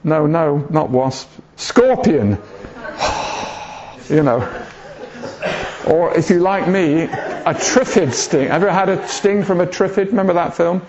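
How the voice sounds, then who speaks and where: Unhurried and a little mellow, with fairly high pitch, a southern English man gives an informal sermon full of jokes and chat. He often asks the congregation questions. The recording is a dull, lo-fi one from the church.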